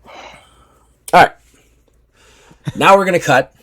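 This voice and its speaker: As game master of a tabletop game, a man with a fairly high voice narrates the action slowly, vivid and animated yet loose, with many fillers such as "like".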